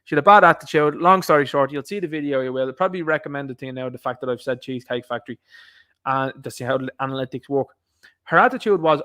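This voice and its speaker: A man's voice: medium pitch, fast, pushed and bright. A man hosting an opinion podcast, ranting and mocking the people he quotes. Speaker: podcast host. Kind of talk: opinion commentary monologue.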